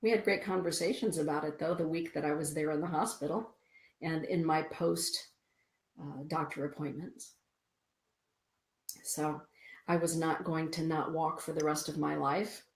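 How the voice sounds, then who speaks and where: A woman's voice: deep voice, fairly even intonation, normal speed, reverberant. A woman hosting a spiritual radio show, chatting with listeners and reading oracle cards aloud to them. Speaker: radio show host and card reader.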